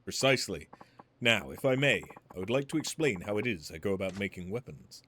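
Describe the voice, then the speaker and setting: A calm, courteous master weapon smith speaking in formal, measured phrases, read aloud by a man. The voice stays composed, with a lively rise and fall. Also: on the low side, slight background noise, pitched below the performer's own voice. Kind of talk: reading game dialogue aloud.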